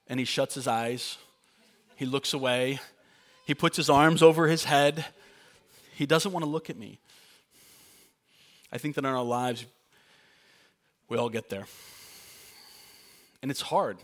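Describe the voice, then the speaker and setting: Young male pastor, sermon delivery, earnest and chatty with light humor, middle pitch. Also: moderate pace, long pauses, fairly bright tone. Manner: earnest, conversational, with playful asides.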